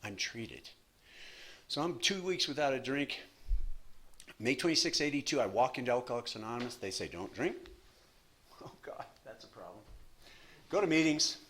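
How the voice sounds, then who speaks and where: A man in his sixties speaking at a recovery meeting from a podium, telling his story in an animated, self-deprecating way with lots of repetition. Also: medium pitch, moderate pace, pauses often, a little hiss or hum. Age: 60s. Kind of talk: personal recovery story talk.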